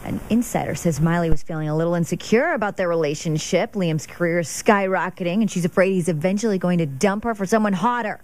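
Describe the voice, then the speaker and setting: A woman's voice: fairly low pitch, fast talker, hardly any pauses, darkish tone. A young woman hosting an entertainment gossip segment, chatty and laughing easily. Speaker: entertainment news segment host. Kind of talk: casual gossip chat.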